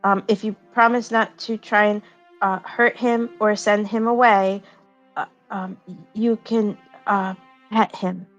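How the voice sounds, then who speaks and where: A woman voicing a shy young woman spellcaster who speaks haltingly and protectively about her dog. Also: mid-range voice, fairly even intonation, muffled recording, soft background music, lightly acted. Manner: hesitant, halting, many fillers.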